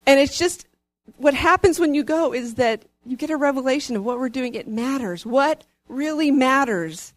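Lady testifying at church, kinda high voice, dry sound. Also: moderate pace, no echo. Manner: earnest, rising to excited. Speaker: church member giving a testimony.

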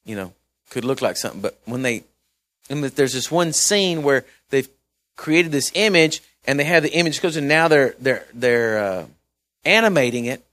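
A man preaching a chatty Bible-study sermon, swinging between loud and hushed. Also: mid-range voice, animated, moderate pace, no echo.

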